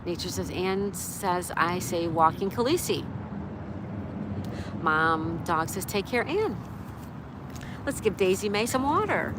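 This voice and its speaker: A woman's voice: lowish voice, measured pace, pauses often. A woman live streaming outdoors, chatting casually and reading chat messages aloud while tending her dog. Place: outdoors by a road in a town. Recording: outdoor stream with clear traffic noise. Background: street and vehicle noise.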